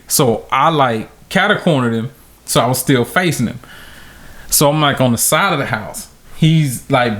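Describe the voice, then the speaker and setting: A man co-hosting a casual podcast, telling a childhood story with lots of laughter and acted-out quotes. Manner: animated, laughs often, acts out quotes in high voice. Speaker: podcast co-host.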